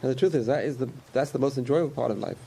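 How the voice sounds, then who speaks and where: A man's voice: medium pitch, rapid-fire, vocal fry, dark tone, breathy edge. A man giving a conversational sermon about faith, repeating phrases and chuckling often.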